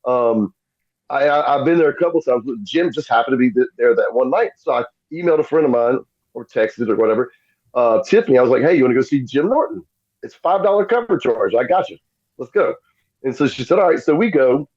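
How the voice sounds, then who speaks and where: A man's voice: mid-range voice, a little fast, lo-fi sound. A middle-aged man telling stories as a podcast guest and acting out the voices of the people in them. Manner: animated, acts out quoted voices. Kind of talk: casual storytelling.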